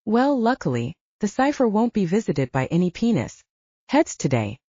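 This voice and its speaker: A tired young hero with a warm, mellow tone and lively swings in pitch, as a woman narrator puts him on. He speaks easygoing lines in a dry, slightly dull audiobook recording. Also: moderate pace, slightly rough, no echo. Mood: resigned. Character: young American man, tired hero on a quest.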